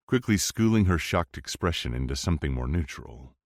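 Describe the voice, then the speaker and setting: A man narrating a first-person romance audiobook in a low, steady, intense delivery. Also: moderate pace, no room sound, clean studio sound.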